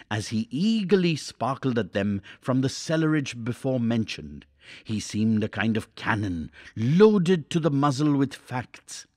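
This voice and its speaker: A man reading a classic novel aloud for a class, measured and expressive. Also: mid-range voice, dry recording, studio quality. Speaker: teacher.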